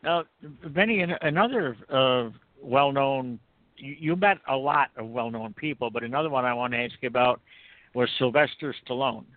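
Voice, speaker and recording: A man's voice: mid-range voice, normal speed, dry recording. A man hosting a call-in talk show, interviewing a guest and breaking in to take a caller. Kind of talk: radio interview. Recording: dry phone-line audio.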